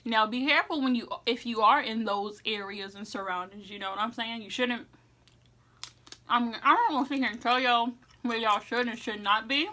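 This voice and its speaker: A young woman talks straight to her viewers in a relaxed advice vlog. Her voice is bright and a little high. She rambles in a friendly way, peppering everything with fillers, and talks with food in her mouth. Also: moderate pace. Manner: chatty, heavy use of "like" and "you know what I'm saying"; eating while talking. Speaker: vlogger giving school advice.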